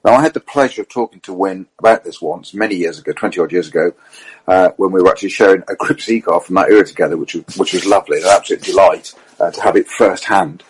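A man telling motorsport anecdotes in casual, animated chat, full of fillers and asides. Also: deep voice, fast talker, husky, rough recording. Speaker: motorsport storyteller on a panel. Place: at a racing circuit event.

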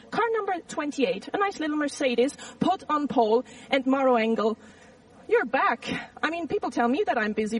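A woman's voice: high voice, breathy edge, far from the mic, low-quality recording. Bubbly woman reporting from the race grid. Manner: chatty, bubbly, talks freely. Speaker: pit lane reporter. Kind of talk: live trackside interviewing.

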